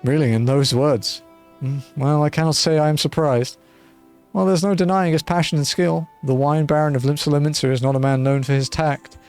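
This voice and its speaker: A man's voice: on the high side, fairly even intonation, a little fast, a little mellow, clean tone, faint music behind, natural voice. A man voicing a blind retired male mercenary turned wine merchant who speaks in a courteous, old-fashioned formal way, reading game dialogue aloud. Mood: wry.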